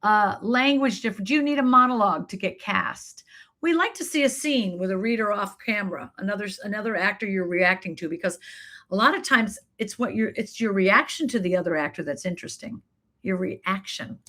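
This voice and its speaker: A woman's voice: medium pitch, bright, forceful tone. A woman acting coach and talent manager, emphatic and encouraging, answering chat questions in a live online class. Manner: emphatic, encouraging, stacks quick lists.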